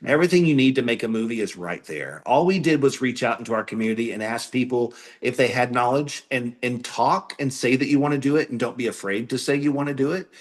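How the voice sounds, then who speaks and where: A man's voice of middle pitch, speaking earnestly and plainly as he answers a podcast host. When he reaches an anecdote, he warms up and gets more animated. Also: fast, hardly any pauses. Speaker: guest filmmaker. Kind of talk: interview answers.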